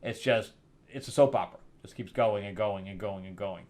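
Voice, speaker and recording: A man's voice: fairly low pitch, a little fast, darkish tone. A man hosting a casual comic book review show, rambling and sarcastic, often laughing at what he describes.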